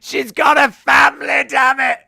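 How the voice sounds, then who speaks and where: A man impersonating a grown male wrestling commentator, bellowing slow, drawn-out exclamations from high in his voice. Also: level tone, creaky, bright, forceful tone, raised voice, exaggerated voice. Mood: frantic.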